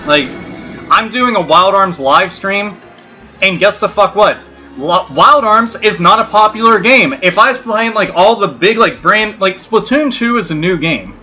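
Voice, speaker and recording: A man ranting to his livestream chat in a bright, forceful voice, swearing freely and circling back on himself. Faint music plays under him. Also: high-pitched, animated, unhurried. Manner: profane, blunt and ranting; rambling with many restarts. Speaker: gaming livestream host.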